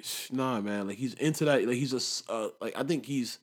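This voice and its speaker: A young man in casual chat, talking with lively swings between loud bursts and low mutters, full of street slang. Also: brisk.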